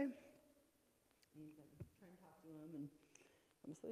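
A woman's voice: lowish voice, lively intonation, moderate pace, long pauses, mellow. A woman sharing a personal testimony in church, retelling past panic with strong emotion. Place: church hall. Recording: long church hall reverb.

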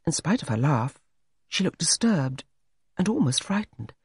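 Male audiobook narrator, animated and dramatic, husky and dry. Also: on the high side, normal speed, no echo. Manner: expressive, dramatic reading. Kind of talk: scripted narration.

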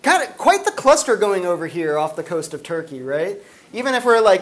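A man's voice: high voice, moderate pace. A man lecturing on philosophy to a university class, casual and chatty with many fillers. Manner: chatty, filler-heavy, animated storytelling.

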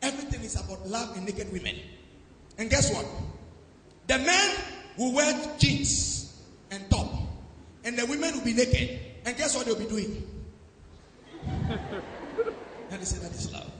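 Male pastor from Nigeria, high animated voice, call-and-response preaching, echoey church recording with faint noise. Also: normal speed, pauses often. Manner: swings between loud shouted declarations and low asides. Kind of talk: sermon. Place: large church hall. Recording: echoey hall with some background noise.

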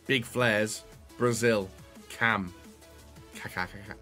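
A young man doing excitable pack-opening commentary, often yelping and shouting while talking straight to his viewers. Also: lowish voice, slow, faint music behind. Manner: excitable, yelps and shouts at the screen; talks to viewers as "guys". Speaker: YouTuber.

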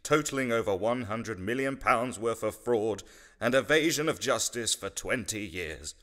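A man playing a stern, matter-of-fact male judge who speaks in formal, measured pronouncements. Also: fairly low pitch, expressive, a bit bright.

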